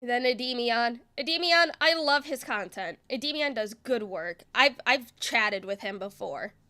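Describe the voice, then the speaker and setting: A woman's voice: a little high, expressive, unhurried, pushed and bright. A woman streamer giving exasperated, sarcastic reaction commentary and swearing freely.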